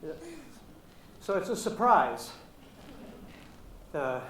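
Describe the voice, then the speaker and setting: A man's voice: sits high, expressive, a little slow. A man coaching a ballet rehearsal, talking dancers through the steps and singing the counts in da-da syllables. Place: echoey dance studio. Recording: echoey room with light background noise.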